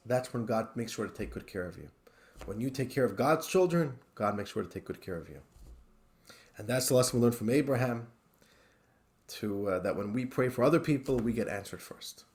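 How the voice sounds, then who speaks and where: A rabbi with a medium-pitched voice gives a weekly Torah lesson as an animated storyteller, swinging between loud and hushed.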